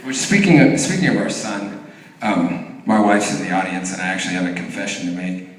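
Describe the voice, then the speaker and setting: A man's voice: low voice, brisk, a little hiss or hum. A man in his thirties doing a profane stand-up comedy set on stage, telling stories and acting out voices. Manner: animated storytelling, profane, acts out voices. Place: comedy venue stage, live audience. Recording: echoey hall from far off.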